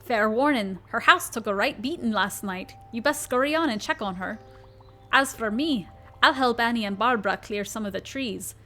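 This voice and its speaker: Woman voicing brawny, jolly Scottish villager for a cozy game, loud and hearty. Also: normal speed, soft background music. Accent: Scottish, put on. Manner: hearty, booming, self-consciously hammy. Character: burly cheerful Scottish man in a kilt.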